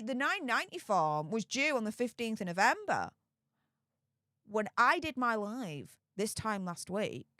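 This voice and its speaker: A woman's voice: medium pitch, a bit bright, dry recording, clean studio sound. A woman giving chatty, casual commentary on celebrity gossip and talking straight to her viewers. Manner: chatty, conversational, addresses viewers as guys. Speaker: YouTube royal gossip commentator.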